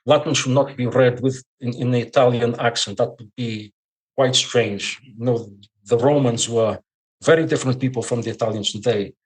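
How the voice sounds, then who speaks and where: A man from Portugal speaks English with a Portuguese accent, as a non-native speaker. He lays out his points like a lecture on a podcast and often repeats words while he gathers his thoughts. His voice sits at a middle pitch. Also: moderate pace, slightly rough. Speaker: guest. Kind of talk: podcast conversation.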